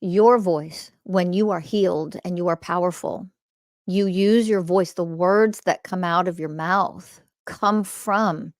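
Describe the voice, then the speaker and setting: A woman with a lowish voice preaches on her own podcast, fiery and blunt, dropping curses for emphasis and laughing along the way. The sound is dry and close to the mic. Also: takes it slowly, no room sound. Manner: impassioned, preachy, swears for emphasis, laughs often. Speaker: podcast host. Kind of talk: spiritual monologue.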